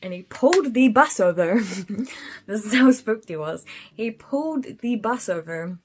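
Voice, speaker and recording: A woman's voice: a little high, lively intonation, measured pace, darkish tone, a little hiss or hum. A woman telling a spooky story in casual chat while doing her makeup, laughing often and using lots of fillers. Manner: chatty, laughs often, full of fillers and slang. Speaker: beauty vlogger.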